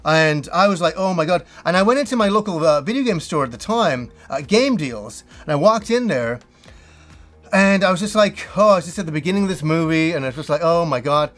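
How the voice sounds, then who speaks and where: A man's voice: on the high side, animated, a little fast, a bit bright, faint music behind. A middle-aged man hosting a gaming show, reminiscing in a casual, rambling way and acting out remembered conversations with enthusiasm. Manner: enthusiastic, rambling storyteller who acts out quotes. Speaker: host.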